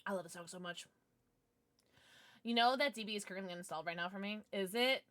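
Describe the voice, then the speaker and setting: A woman's voice: medium pitch, fast, no room sound. A young woman streaming a game from home, chatting casually with viewers in a bubbly, playful, slightly tipsy way, greeting new followers with little gasps. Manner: bubbly and animated, gasping and squealing at follows. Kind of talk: casual livestream chat with viewers.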